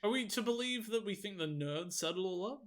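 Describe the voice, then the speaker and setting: A man's voice: sits high, expressive, a little fast, fairly bright tone. A man co-hosting a comedy podcast, sarcastic and sweary, riffing on a film with mock voices. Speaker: podcast co-host. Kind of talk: casual comedic chat.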